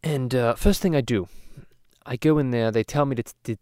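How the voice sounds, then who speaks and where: Playing a crude cartoon baby boy, a male podcast host rambles through stories in casual parody chat, swearing plenty and restarting often. His voice is medium-pitched, darkish, clear and resonant at normal speed, close to everyday speech, recorded dry and clean in a studio.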